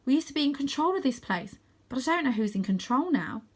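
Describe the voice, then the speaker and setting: A woman reading a storybook aloud and voicing a frightened, weary girl who speaks quietly. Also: high-pitched, big pitch swings, fast talker, slightly rough, pitched above the performer's own voice, exaggerated voice. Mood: uneasy. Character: frightened, weary older sister.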